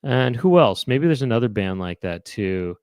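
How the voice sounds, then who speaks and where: A man's voice: medium pitch, sing-song, moderate pace, a little mellow, no echo, clean studio sound. Rambling male chat-show host. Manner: rambling, musing aloud with many fillers and restarts. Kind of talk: casual chat with live viewers.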